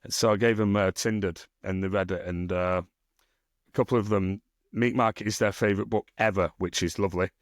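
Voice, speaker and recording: A northern English man talks in a loose, rambling podcast chat, throwing in casual swearing and playful teasing. His voice sits low. The sound is dry and close, with no room around it. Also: steady tone, brisk, dry recording. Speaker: podcast co-host and self-published author.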